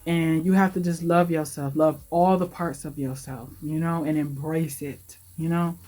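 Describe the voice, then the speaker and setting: Earnest woman vlogger, lowish voice. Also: steady tone, normal speed, mellow. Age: late 20s. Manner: earnest, emotional, heartfelt; casual, repetitive, confiding. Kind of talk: personal life-update vlog.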